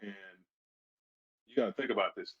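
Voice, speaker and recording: A middle-aged man, a former football player, telling lively stories in a casual interview and acting out the people he quotes. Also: fairly low pitch, normal speed, breathy edge. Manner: animated storyteller who acts out quoted voices. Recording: slightly dull lo-fi sound.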